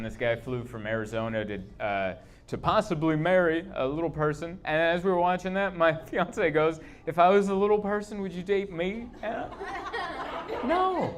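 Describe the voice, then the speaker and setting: A man in his thirties performing a stand-up comedy set, telling stories deadpan and acting out the quotes with sudden loud bursts. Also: fairly high pitch. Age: 30s. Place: comedy club stage. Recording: live club recording with audible background noise.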